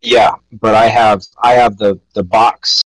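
A man's voice: lowish voice, flat delivery, unhurried, a bit bright, no echo, rough recording. A man hosting a casual podcast chat, rambling with frequent restarts. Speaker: podcast host.

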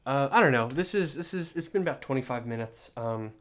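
A man's voice: medium pitch, lively intonation, a little fast, fairly bright tone. A young man hosting a solo podcast, rambling in an exasperated, joking rant with many restarts. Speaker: podcast host.

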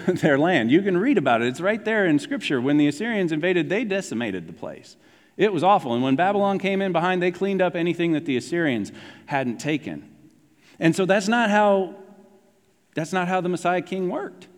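A man preaching a sermon in a conversational, animated way, dropping his voice low to stress key points. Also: long reverb tail. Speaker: pastor.

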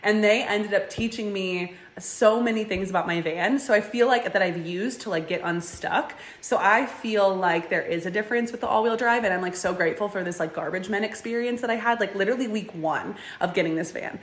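Young woman guest, animated storyteller, filler-heavy, echoey room. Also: medium pitch, brisk, few pauses. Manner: animated, says "like" often, acts out quotes. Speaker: guest, van dweller. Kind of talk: casual interview storytelling.

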